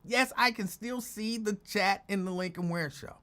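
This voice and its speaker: A man's voice: high voice, normal speed, sharp tone. A man hosting his own show, telling rambling stories in a casual chat and laughing often. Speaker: show host.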